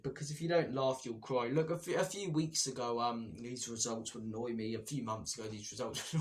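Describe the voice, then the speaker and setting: Male host, young adult, mid-pitched voice, sarcastic and fed up, fan debrief monologue. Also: fairly quick. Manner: frustrated, sarcastic ranting. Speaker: football fan channel host.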